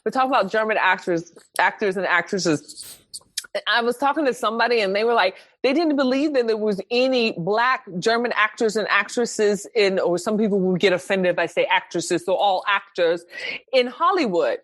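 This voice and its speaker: A woman co-hosting a podcast, talking in an animated, rambling way with many fillers and restarts. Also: mid-range voice, normal speed, no room sound. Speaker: podcast co-host. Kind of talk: casual chat. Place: lives in Germany.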